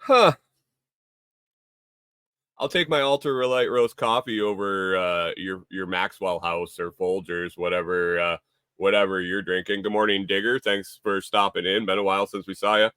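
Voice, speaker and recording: Guy rambling on his morning livestream, bright forceful voice, kinda low, dry sound. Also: steady tone, moderate pace, smooth, no echo. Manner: rambling, repeats himself, casual swearing; reads viewer chat aloud. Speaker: livestream host. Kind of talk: casual live-stream chat.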